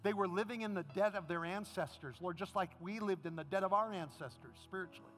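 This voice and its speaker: A man's voice: high-pitched, fast talker, faint music behind. A man preaching a sermon as pastor, then leading the congregation in an emotional prayer. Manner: impassioned preaching, rising to a shout.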